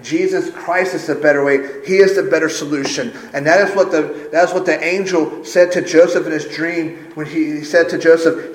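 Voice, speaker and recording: A man's voice: fairly high pitch, fairly even intonation, moderate pace, hardly any pauses. A man preaching a sermon as pastor, stressing points by repeating phrases. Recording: roomy echo.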